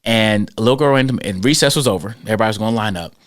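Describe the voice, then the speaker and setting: A man with a fairly low voice tells school stories on a podcast, animated and conversational. He slips in and out of quoted voices as he goes. The sound is dry and close, with little room around him. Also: very fast, dry recording. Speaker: podcast host and school character-education speaker. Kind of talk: conversational storytelling.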